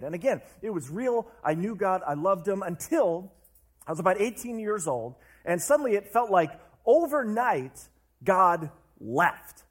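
A young man delivers a personal testimony sermon in a relaxed, joking way, laughing at himself now and then. His voice sits a little higher than most men's. He talks like he is chatting with the congregation. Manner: conversational and self-deprecating, with frequent laughs and fillers.

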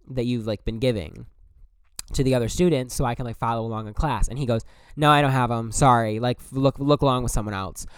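Smooth-voiced young man ranting to camera. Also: mid-range voice, no room sound. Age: young adult. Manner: blunt, profane, animated storytelling. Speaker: vlogger. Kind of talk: casual storytelling to camera.

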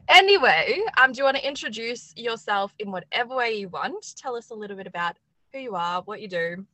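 A woman's voice: fairly high pitch, animated, normal speed, sharp tone, low-quality recording. A woman with an Australian accent hosting a podcast, chatty and giggly, rambling between thoughts. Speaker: podcast host. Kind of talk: casual chat.

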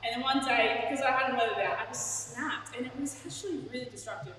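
A woman's voice: on the high side, quick pace, a bit bright, slight background noise. Chatty woman preaching in a hall. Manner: candid, chatty, laughs at herself. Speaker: pastor. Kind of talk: sermon. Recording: echoey hall, from far off.

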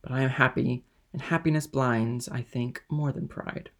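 A man voicing a happy young sailor, warm and earnest in manner. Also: mid-range voice, moderate pace, lightly acted. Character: happy young male sailor, open-hearted.

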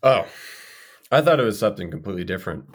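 A man's voice: deep voice, sing-song, fast talker, slightly rough. A man in casual chat, teasing and laid-back with a friend.

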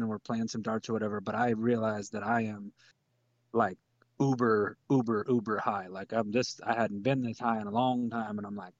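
A man telling a comedic story in a casual, rambling way, often sinking into a low mutter. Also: no echo, lo-fi sound. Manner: laid-back, rambling, drops to a low mutter for his own thoughts.

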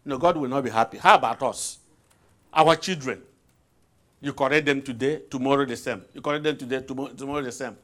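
A man's voice: medium pitch, brisk, fairly bright tone. A man preaching a sermon, asking his listeners questions and repeating phrases for emphasis.

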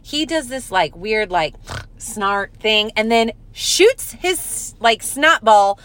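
A woman co-hosting a podcast, chatting casually and telling a story in an animated way, laughing often and filling her talk with "like.". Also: fairly high pitch, slow, clean tone, no echo. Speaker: podcast co-host. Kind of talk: casual chat.

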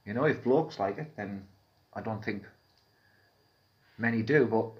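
A man's voice: fairly low pitch, a little slow, muffled recording. A man from Peterlee with a North East English accent, co-hosting a podcast in casual, rambling, jokey banter. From Peterlee, England. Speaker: podcast co-host.

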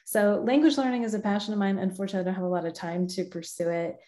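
Speaking at a racing pace, a middle-aged woman from the US with a medium-pitched, dark voice fields interview questions as a guest. She works in localization, and her answers come across as warm and considered, punctuated by frequent laughter.

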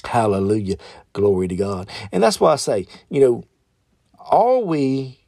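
A man's voice: huge pitch swings, unhurried, gravelly, mellow, dry recording, clean studio sound. A man preaching a podcast sermon and leading prayer, fervent, often calling out hallelujah and correcting himself as he goes. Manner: fervent, repeats hallelujah, swings from high exclamations to low prayer; loose, self-correcting delivery.

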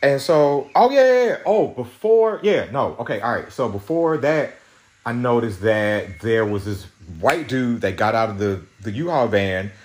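A man's voice: medium pitch, expressive, measured pace, darkish tone. A young man hosting a podcast, telling an angry story in a profane, agitated rant with many restarts. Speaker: podcast host.

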